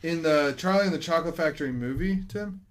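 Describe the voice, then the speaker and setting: A man co-hosting a casual movie podcast, chatty and fond of doing quick impressions. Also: on the high side, slight background noise. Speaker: podcast co-host.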